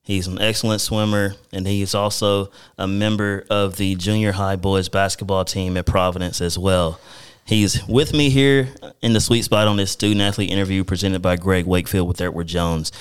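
A man's voice: sits low, fairly even intonation, moderate pace, clear, resonant tone. A man hosting a casual sports interview show, chatting easily with his guest and often calling him "man". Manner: friendly, calls the guest "man". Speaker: radio show host interviewing a student athlete.

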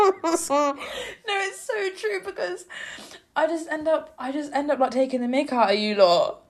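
A woman co-hosting a casual radio chat, chatty and animated, laughing often. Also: high voice, unhurried, long pauses. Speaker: radio co-host.

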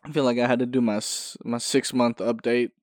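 A man talking solo on his own podcast in a laid-back, casual way. He swears a lot, laughs often, and gets loud and high when worked up. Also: little pitch movement, a little fast, no echo, clean studio sound. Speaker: podcast host.

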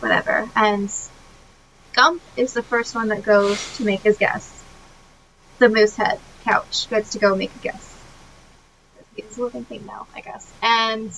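A woman's voice: mid-range voice, measured pace, slight background noise, rough recording. A woman co-hosting a podcast, retelling a film scene by scene in casual chat with lots of fillers and laughs. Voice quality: animated, many fillers, laughs often. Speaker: podcast co-host.

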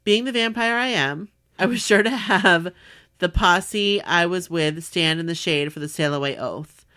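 A woman podcast host in casual chat, reading a listener's letter aloud with animated warmth. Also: lowish voice, unhurried. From Southern California. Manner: warm, animated reading with laughs.

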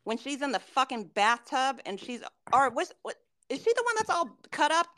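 A woman with a high voice co-hosts a casual podcast chat at a moderate pace. She swears a lot and animatedly acts out what her friends said.

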